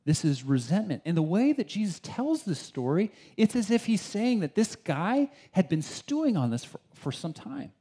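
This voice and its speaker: A man preaching a sermon in a conversational, animated way, with rhetorical questions and frequent restarts. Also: high-pitched, moderate pace, few pauses, husky. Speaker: pastor.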